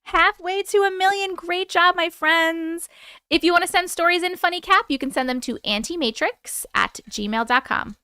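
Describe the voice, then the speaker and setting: This is casual live chat and story reading from a woman in her thirties, who teases her viewers playfully and reads their tales aloud on stream. Her pitch is extremely high and her tone sharp, at a normal speed, captured in a dry recording.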